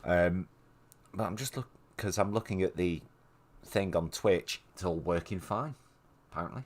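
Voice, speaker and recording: A man's voice: sits low, normal speed. A man with a Mancunian accent streaming a video game, giving casual, blunt and sweary commentary as he plays.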